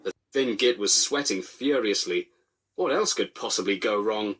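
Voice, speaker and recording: A man giving dry, deadpan comic storybook narration. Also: on the low side, moderate pace, husky.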